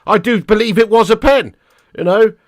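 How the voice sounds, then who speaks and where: A man hosting a live football watch-along, reacting loudly, swearing often and chatting with viewers in the chat. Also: high-pitched, normal speed, dry recording, studio quality. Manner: swears a lot, excitable, chats to viewers.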